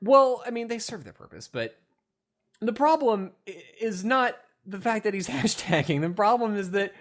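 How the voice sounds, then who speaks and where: A young man hosting a casual podcast, animated and laughing, with lots of fillers. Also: sits high, normal speed. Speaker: podcast host. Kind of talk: casual chat.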